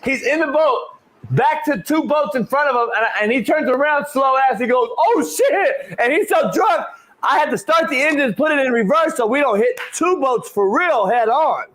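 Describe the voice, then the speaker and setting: Male podcast host, high-pitched, animated storyteller, casual swearing. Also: normal speed. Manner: animated storyteller, swears freely, says "homie" a lot. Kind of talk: casual chat.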